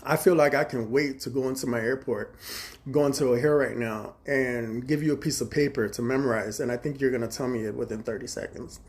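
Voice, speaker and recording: A man talking into his phone on a livestream, from Chicago and at a middle pitch. He rambles through a long story, swearing freely and jumping between what he said and what the other person said, his voice rising loud and high whenever he quotes himself. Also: fairly even intonation. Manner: profane, fast-shifting, quotes others in dialogue. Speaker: livestream host.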